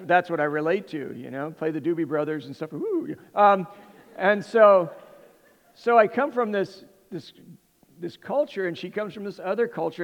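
A man's voice: high voice, long reverb tail, dull audio. A middle-aged man from Southern California telling a humorous personal story to an audience, rambling and restarting his sentences. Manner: rambling, self-interrupting, animated. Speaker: speaker addressing an audience.

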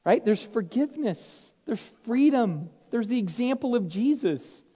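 A man's voice: extremely high pitch, expressive, measured pace, slightly rough. Emphatic preacher man in an echoey hall. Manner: emphatic, swings between loud stress and hushed asides. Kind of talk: sermon to fathers. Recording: echoey hall, dull sound.

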